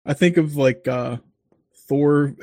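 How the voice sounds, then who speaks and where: A man's voice: a little high, slow pace, gravelly, darkish tone, no echo, studio quality. A man co-hosting a podcast in casual chat, loose and chuckling, with lots of fillers. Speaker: podcast co-host.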